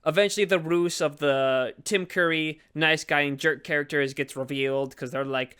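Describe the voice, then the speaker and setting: A man with a bright, crisp voice pitched a little high tells a movie's story in a loose, rambling way. He keeps throwing in fillers and quick acted-out lines for the characters. It has the relaxed feel of a podcast co-host recapping a film.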